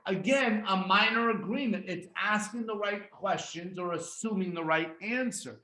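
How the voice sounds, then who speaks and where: Energetic man coaching a sales pitch. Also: echoey room, poor audio. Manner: energetic, emphatic, demonstrates pitches with pauses. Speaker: sales trainer. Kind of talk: presentation training talk.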